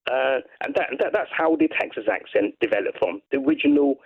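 A man's voice: on the high side, wildly swooping pitch, a little fast, vocal fry, breathy edge. Talkative man calling in on a phone line. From England. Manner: rambling, enthusiastic, many restarts. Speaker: caller. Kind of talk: casual chat on a radio phone-in.

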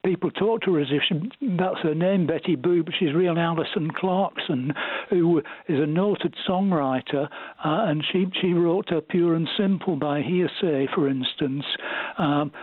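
A man calling in to a radio show to share music trivia, talking haltingly with many fillers and restarts. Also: on the high side, no room sound. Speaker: radio caller sharing music knowledge. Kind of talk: casual radio chat. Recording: tinny phone line.

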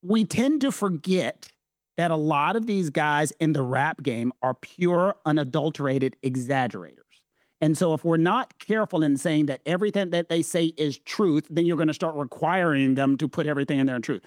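A man's voice: fairly high pitch, moderate pace, dry recording, clean studio sound. A man with a Southern US accent, talking through legal points as a co-host, emphatic and fond of repeating his phrases. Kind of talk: casual legal discussion.

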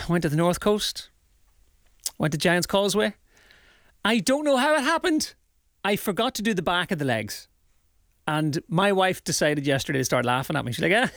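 A man's voice: high-pitched, lively intonation, normal speed, fairly bright tone, no echo, clean studio sound. A man with a Northern Irish accent, chatting casually on air as a radio presenter, rambling and self-mocking. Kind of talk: casual chat.

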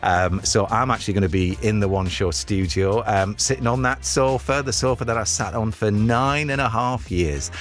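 A man's voice: lowish voice, normal speed, hardly any pauses, soft background music. A man hosting a radio show, talking in a chatty, enthusiastic way with plenty of fillers. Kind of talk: lively radio presenting.

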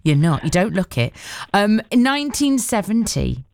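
A woman's voice: mid-range voice, sing-song, moderate pace, gravelly, background noise. A woman presenting a radio show in casual chat, reading out listener messages and laughing easily.

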